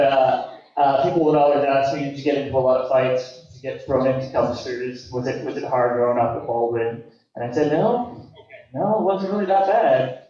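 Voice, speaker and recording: A man's voice: medium pitch, a little mellow. A man from Maui speaking hesitantly to a gathering, with lots of ums and uhs. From Maui, Hawaii. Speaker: guest speaker. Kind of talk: casual speech to a gathering. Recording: echoey room, distant mic, dull sound.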